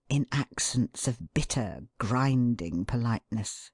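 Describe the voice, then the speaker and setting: A woman giving an expressive, measured scripted narration of a book excerpt. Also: rumbling low, no echo, clean studio sound.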